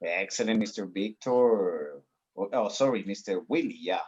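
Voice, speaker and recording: Encouraging teacher on a video call. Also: male voice, fairly low pitch, animated, normal speed, darkish tone, breathy edge, highs cut off. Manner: encouraging, mixes in Spanish explanations. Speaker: English teacher. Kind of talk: online class instruction.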